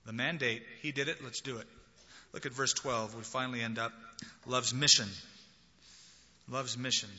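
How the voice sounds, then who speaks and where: A man preaching a sermon, expressive and acting out the voices of people he quotes. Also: medium pitch, moderate pace. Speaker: pastor. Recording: dull lo-fi recording in a large hall.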